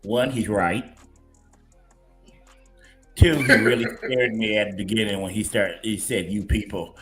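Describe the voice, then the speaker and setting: Man, podcast host, animated storyteller, frequent laughter, faint music underneath. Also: on the low side, measured pace. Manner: animated storyteller, laughs often, many restarts. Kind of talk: casual chat.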